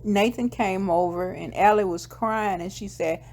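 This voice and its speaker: A woman's voice: medium pitch, unhurried, a little mellow. A woman casually retelling a TV episode scene by scene, quoting the characters' lines in her ordinary voice, with the odd filler and self-correction. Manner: retells scenes step by step, quoting dialogue in plain voice. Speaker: TV episode recapper. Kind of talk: casual plot recap.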